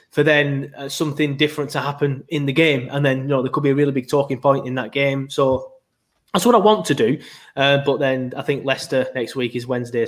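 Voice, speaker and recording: A man hosting a podcast in a casual, rambling way, full of ums and self-corrections. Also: on the high side. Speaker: podcast host.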